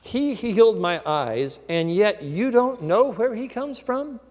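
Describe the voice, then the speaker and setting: A man's voice: sits high, animated, slow pace, darkish tone, long reverb tail, pitched above the performer's own voice. A preacher voicing a blunt, cheeky healed man. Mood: bold. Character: bold, plain-spoken man healed of blindness.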